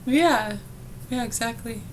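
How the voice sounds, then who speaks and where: A woman's voice: a little high, slow pace, slight background noise. A woman vlogging casually, telling a story in a chatty way with frequent laughter. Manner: chatty, laughing, animated retelling.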